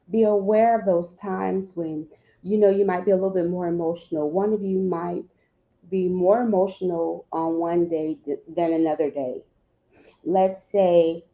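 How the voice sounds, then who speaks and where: A woman's voice: lowish voice, dark tone, highs cut off. A woman speaking earnestly and directly to grieving parents, giving advice and acting out little dialogues between spouses. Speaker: grief counselor speaking to bereaved parents.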